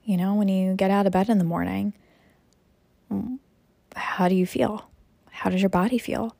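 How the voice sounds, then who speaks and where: A woman's voice: mid-range voice, steady tone, moderate pace, creaky, dark tone, no room sound. A young woman, a mom, talking casually in a rambling monologue full of "you know" and "like". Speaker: mom sharing personal reflections.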